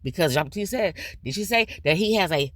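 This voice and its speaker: A woman's voice: fairly low pitch, animated, brisk, a bit bright, no echo. A woman hosting a commentary channel, ranting bluntly and profanely about online drama, stretching words for emphasis.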